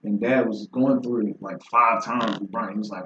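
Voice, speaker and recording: A man's voice: fairly low pitch, steady tone, normal speed, a bit bright, slight background noise. A man in his twenties, a rapper guest, talking casually and profanely about his start in music, laughing often. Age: 20s. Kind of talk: casual conversation. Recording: roomy, distant, dull lo-fi sound.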